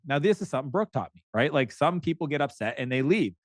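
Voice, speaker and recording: A man's voice: on the high side, quick pace, few pauses, no room sound. A middle-aged man from Canada, a podcast guest chatting casually, telling stories animatedly with frequent restarts. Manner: animated storyteller who acts out quoted dialogue, frequent restarts. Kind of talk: casual interview chat.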